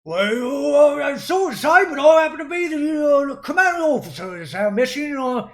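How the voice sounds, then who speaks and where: A game master voicing a boastful old male dwarf veteran who talks loudly in a thick, rambling accent. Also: medium pitch, sing-song, normal speed, pitched above the performer's own voice, close to an everyday voice. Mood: blustering.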